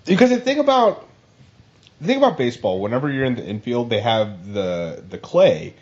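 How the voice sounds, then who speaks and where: Lively storytelling man. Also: medium pitch, moderate pace. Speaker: podcast co-host. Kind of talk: casual chat. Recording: dull lo-fi recording.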